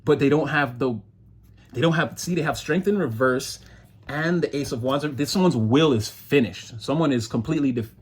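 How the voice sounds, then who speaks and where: A man's voice: medium pitch, normal speed, slightly rough. A man giving a casual, rambling tarot reading, talking loosely and slipping into mocking voices when he quotes people. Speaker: tarot reader.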